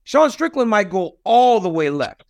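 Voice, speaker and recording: A man with a high voice hosts a casual interview. He asks direct, leading questions in an easy, conversational way. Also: sing-song, unhurried, vocal fry, a little mellow. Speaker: host.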